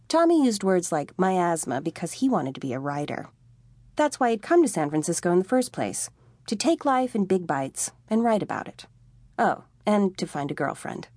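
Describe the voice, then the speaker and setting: A woman reads a comic novel aloud in a wry, expressive voice whose pitch rises and falls lively. The studio sound is dry and close, with no room at all. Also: normal speed, no room sound. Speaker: audiobook narrator. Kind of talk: scripted narration. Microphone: close studio mic.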